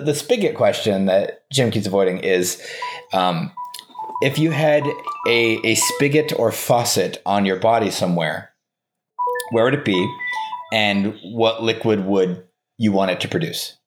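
A man's voice: on the low side, unhurried, over music. A man chatting as a guest on a podcast, playful and teasing, inventing fake facts with a straight face. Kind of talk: casual chat.

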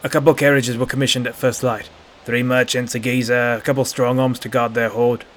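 A man voicing a sneering, brutish adult city gate guard with a gruff, contemptuous manner. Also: mid-range voice, flat delivery, a little fast, a bit bright, a little hiss or hum, close to an everyday voice. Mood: grudging.

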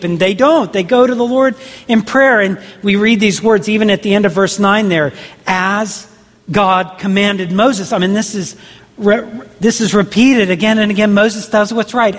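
A man who is a pastor preaching a sermon in a church, talking conversationally with rhetorical questions and frequent restarts. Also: high voice. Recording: long reverb of a large hall.

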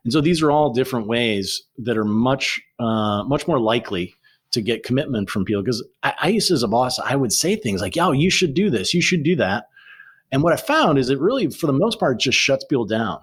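A man talking as a guest author, telling stories in a lively, animated way with frequent restarts. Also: mid-range voice, a little fast, breathy edge. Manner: animated storyteller, many restarts. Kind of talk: conversational interview.

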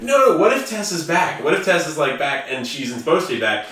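A man's voice: fairly high pitch, very animated, fairly quick, a bit bright, far from the mic. A young man co-hosting a casual comedy podcast, rambling and laughing as he reads out and riffs on listener posts. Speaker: podcast co-host. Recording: very echoey, from off mic.

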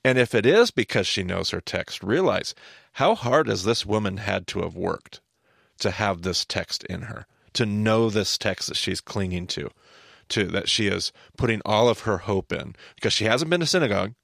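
A man hosting a podcast, explaining Bible stories in a casual, animated teaching manner. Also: on the low side, normal speed, vocal fry, no echo, studio quality. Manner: animated, explanatory, repeats words when starting a thought.

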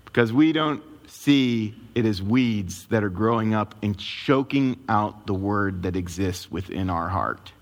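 A man preaching a sermon as a pastor, telling a personal story in an animated, emotional way. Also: on the low side, a little slow, few pauses.

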